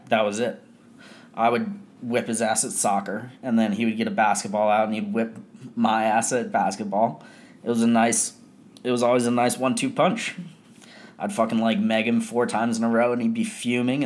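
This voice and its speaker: A young man tells a personal story in a loose, casual monologue. His voice sits a little low, and his talk is profane and rambling, full of fillers. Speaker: podcast host.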